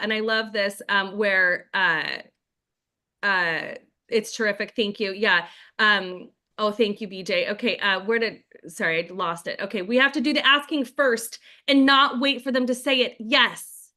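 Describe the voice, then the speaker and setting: A woman's voice: on the high side, fairly even intonation, normal speed, bright, forceful tone. A woman leading a group video call as a network marketing trainer, chatty, with frequent "like" and "right?". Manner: chatty, acts out sample scripts in quotes.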